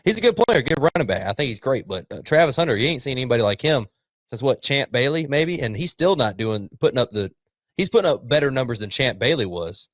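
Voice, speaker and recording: A man in casual sports talk as a podcast co-host, blunt and quick to swear, at a middle pitch for a man. The sound is close and dry, with no room echo behind him. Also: sing-song. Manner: blunt, profane, acts out coaches' yelling.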